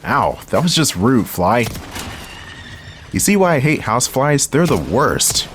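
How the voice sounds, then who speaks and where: A man's voice: mid-range voice, sing-song, measured pace, slight background noise. A young man giving wry, laid-back commentary while playing a game, talking straight to his viewers. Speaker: gaming channel host. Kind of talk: casual let's-play commentary.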